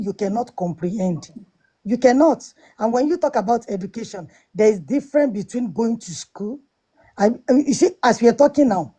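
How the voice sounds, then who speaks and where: Woman, warm low-brightness tone, husky edge, emphatic lecturing, live panel debate. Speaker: panel speaker.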